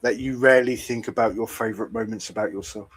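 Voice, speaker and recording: A man's voice: fairly low pitch, fast, husky, no room sound. Dry, teasing man podcast co-host. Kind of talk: casual chat.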